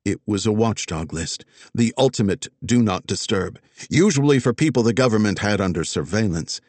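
Low-voiced man narrating a crime audiobook. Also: moderate pace, dry recording. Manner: expressive, dramatic storytelling.

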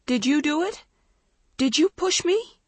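A woman's voice: sits high, very animated, moderate pace, a bit bright, no room sound, pitched above the performer's own voice. A woman voicing an injured teenage girl in a storybook reading, crying out shrilly through tears. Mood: accusing.

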